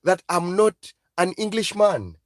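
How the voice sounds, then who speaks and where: A man's voice: sits high, lively intonation, unhurried, no room sound, studio quality. A man from Africa with an African accent, delivering an impassioned live-stream monologue full of emphatic, repeated exhortations. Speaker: online channel host.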